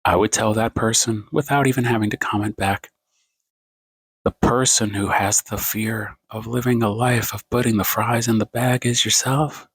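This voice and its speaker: A man ranting to his phone camera at home late at night, rambling and self-mocking, swinging his pace and pitch for emphasis. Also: steady tone, moderate pace, fairly bright tone, breathy edge, no room sound. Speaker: TikTok creator.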